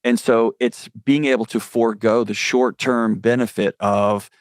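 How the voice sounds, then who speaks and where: A man's voice: medium pitch, steady tone, measured pace, no echo. A man speaking as a guest mental health expert, telling stories in an earnest, candid way. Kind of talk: conversational interview.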